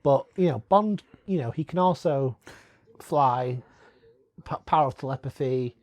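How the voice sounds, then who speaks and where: A man's voice: mid-range voice, unhurried, darkish tone, dry recording. A young man from England co-hosting a casual comedy film commentary, swearing, stammering and laughing often.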